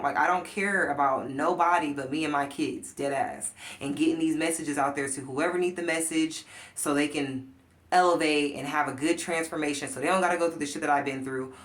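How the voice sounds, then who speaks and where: A woman life coach in a casual vlog rant, talking bluntly and profanely, swinging between loud outbursts and low muttering. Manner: blunt, profane, emphatic ranting.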